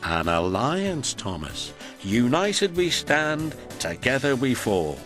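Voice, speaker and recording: A man's voice: medium pitch, very animated, slow pace, music in the background, voice pushed up. A man doing Gordon the grand, boastful engine. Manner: grand, chortling. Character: big boastful male express engine.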